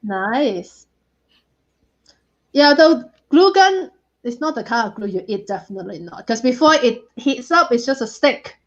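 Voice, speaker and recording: A woman's voice: a little high, lively intonation, a little slow, lo-fi sound. A woman hosting a casual drawing chat, rambling with many fillers. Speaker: host. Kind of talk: casual chat while doodling.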